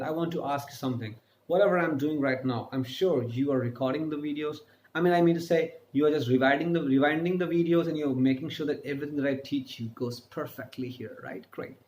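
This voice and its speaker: A man giving an upbeat online French lesson, repeating example phrases slowly. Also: fairly high pitch, darkish tone, reverberant. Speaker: French teacher.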